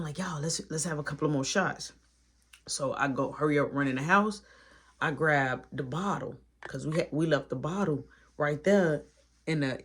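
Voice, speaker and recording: A man's voice: fairly high pitch, slightly rough. A man telling a long personal story in a casual way and acting out what everyone said. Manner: animated, acts out quoted dialogue.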